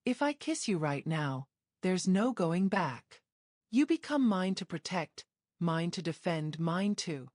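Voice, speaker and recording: Woman doing a brooding crime boss, quiet, intense, low-pitched, dry recording. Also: very animated, slow pace, dry recording, exaggerated voice. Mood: tender.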